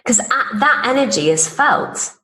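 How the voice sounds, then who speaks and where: A woman's voice: a little high, expressive, measured pace, pushed and bright, poor audio. A woman business coach, a podcast guest, telling personal stories in casual conversation and acting out the dialogue she quotes. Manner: chatty, acts out quoted dialogue, laughs while telling stories.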